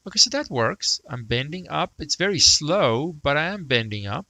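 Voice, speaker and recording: A man's voice: on the high side, very animated, normal speed, hardly any pauses, pushed and bright, no echo, poor audio. A man teaching math, thinking aloud and muttering to himself as he sketches a graph. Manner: self-talk, mutters, jokes about praising himself.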